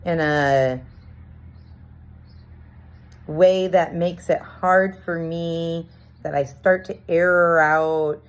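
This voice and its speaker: A woman's voice: on the low side, fairly even intonation, extremely slow, pauses often, smooth. A woman in a reflective personal monologue, earnestly working through a confusing experience and acting out bits of dialogue. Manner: earnest, searching, reenacts dialogue. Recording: dull lo-fi recording.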